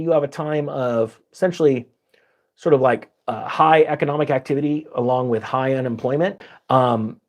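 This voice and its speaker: A man hosting a finance channel, giving casual, sarcastic commentary over charts with big jumps in pitch for emphasis. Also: a little mellow.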